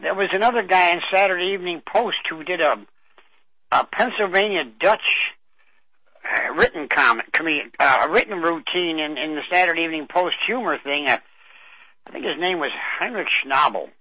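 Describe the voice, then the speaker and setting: Animated and fairly high-pitched, this older radio co-host speaks at a normal speed in a dry recording. In a casual on-air chat, he wanders through memories, using many filler words, and the sound is dull, dry radio audio.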